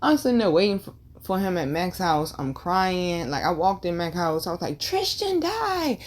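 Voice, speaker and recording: A woman's voice: fairly low pitch, moderate pace. Candid woman telling a personal story. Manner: candid and emotional, with slang and swearing; repeats lines for emphasis. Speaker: tarot and numerology vlogger.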